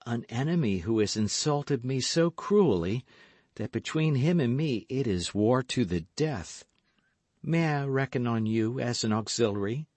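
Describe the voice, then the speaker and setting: A cold, vindictive noblewoman weaves her words slowly, coaxing and calculating, with a lifted, lilting voice that a male audiobook reader puts on. The sound is dry and close. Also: mid-range voice, expressive, a little mellow, no room sound, pitched above the performer's own voice. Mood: coaxing, scheming.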